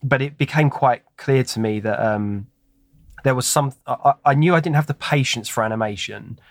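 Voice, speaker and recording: Male guest, mid-pitched, rambling and self-deprecating storyteller, dry close podcast sound. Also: normal speed, no room sound. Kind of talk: casual interview chat.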